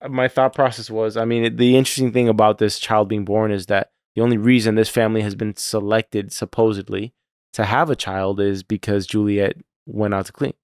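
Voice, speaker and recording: A man's voice: on the low side, brisk, smooth, no echo, clean studio sound. A man co-hosting a podcast, chatting casually about a TV episode and now and then acting out lines in a raised voice. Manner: animated, acts out lines from the show in raised voices. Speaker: podcast co-host.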